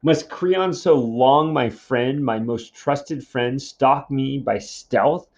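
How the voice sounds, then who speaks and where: A man's voice: medium pitch, slow. A man reading as a proud, angry king. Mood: indignant. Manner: reads the translated verse aloud, heated. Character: proud angry male king accusing a seer. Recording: dull lo-fi recording.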